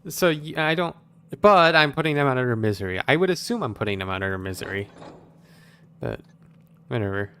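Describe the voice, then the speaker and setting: A man's voice: mid-range voice, expressive, fairly quick, long pauses, sharp tone, clean tone. A man playing a stealth video game, thinking aloud in casual commentary with wry, sarcastic asides. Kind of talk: casual let's-play commentary.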